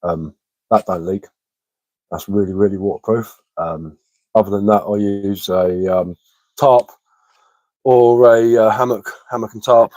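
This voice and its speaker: A man, a little hoarse from being ill, chatting casually on a livestream and answering comments with lots of hesitant fillers and repeated words. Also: on the low side, fairly even intonation, measured pace, pauses often, mellow, dry recording, low-quality recording. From England. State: slightly hoarse from illness. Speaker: bushcraft livestreamer.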